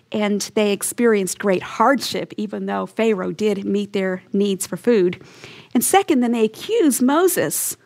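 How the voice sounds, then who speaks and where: A woman teaching a Bible lesson in an earnest, emphatic storytelling way, acting out short quotes as she goes. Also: on the high side. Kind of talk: teaching sermon.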